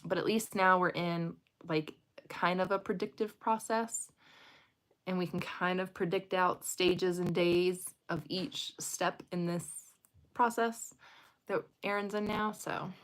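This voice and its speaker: A woman's voice: lowish voice, fairly even intonation, a little slow. A woman, casually chatting with viewers on a late-night livestream from home. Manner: chatty, talks directly to viewers. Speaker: livestream host.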